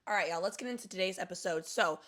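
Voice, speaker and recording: A young woman from Cincinnati chatting casually to camera, blunt and raunchy, swearing freely, a little high. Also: fast, a bit bright. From Cincinnati, Ohio. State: high, smoking while talking. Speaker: spiritual gardening vlogger.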